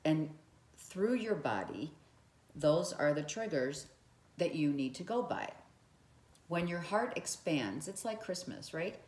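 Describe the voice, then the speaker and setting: A woman's voice: on the low side, roomy sound. A woman giving earnest motivational advice to the viewer, often repeating her phrases and speaking to the viewer directly. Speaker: relationship advice vlogger. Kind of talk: motivational talk to camera.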